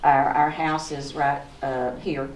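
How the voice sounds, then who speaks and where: A woman in her sixties, an author from East Tennessee with a Southern accent, talks slowly in an extremely low, steady voice. She points at old photos in a museum lecture room, telling folksy stories from her own life. The sound is echoey and distant, with slight background noise.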